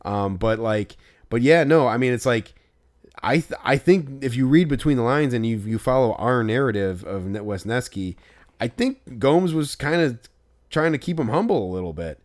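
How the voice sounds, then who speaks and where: A man co-hosting a casual podcast, telling a story full of "like" and loudly acting out what people said. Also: medium pitch, moderate pace. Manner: animated retelling with loud acted-out quotes and filler "like". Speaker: podcast co-host.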